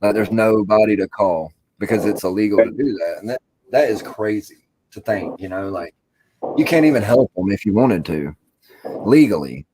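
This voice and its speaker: A man's voice: fairly low pitch, lively intonation, moderate pace, mellow, a little hiss or hum, low-quality recording. Stoned man, rambling and profane. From Alabama. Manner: rambling, profane, laid-back storytelling. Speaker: podcast co-host. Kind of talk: casual chat.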